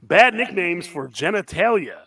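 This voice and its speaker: A man from New Jersey hosts a comedy podcast with a bright, slightly high voice, recorded dry and close. He is playful and laughs often at his guests. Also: sing-song, a little slow, slightly rough, dry recording. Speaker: host.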